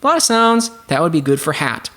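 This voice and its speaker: A man's voice: a little high, very animated, a little fast. A man hosting a casual music production tutorial hangout, rambling with lots of fillers and asides. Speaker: host. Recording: loud music underneath. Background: loud music.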